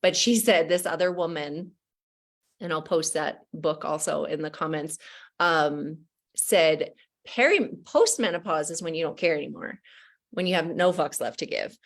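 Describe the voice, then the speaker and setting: This is a middle-aged woman with a New Jersey accent, chatting frankly as a podcast host. Her voice sits somewhat low, and she laughs often as she talks. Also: normal speed. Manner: candid, animated, laughs often. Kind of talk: casual conversation.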